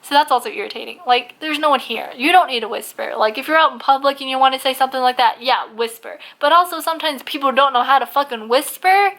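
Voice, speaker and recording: A woman's voice: high voice, fast talker, hardly any pauses, fairly bright tone. A woman ranting in a casual vlog, blunt and full of swearing, who says she is losing her voice. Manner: blunt, swears a lot, heavy use of "like". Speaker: vlogger.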